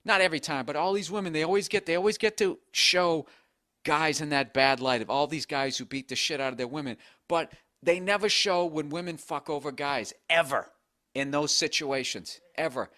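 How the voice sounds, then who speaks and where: A man's voice: on the high side, normal speed, pushed and bright, dry recording, studio quality. A man hosting a podcast, talking in a blunt, profane, ranting way, mocking himself as he goes. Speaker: podcast host. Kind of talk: casual chat.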